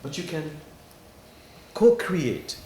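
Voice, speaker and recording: Animated male preacher in an echoey hall. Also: fairly high pitch, slight background noise. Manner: animated storytelling with dramatic pauses. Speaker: imam. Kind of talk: sermon. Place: worship hall. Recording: echoey hall, faint ambience.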